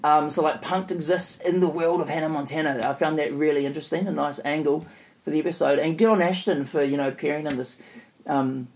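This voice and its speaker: A man's voice: fairly high pitch, steady tone, a little fast, a little hiss or hum. A man co-hosting a podcast, recapping an episode in a rambling, casual way full of fillers. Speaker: podcast co-host. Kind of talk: casual chat.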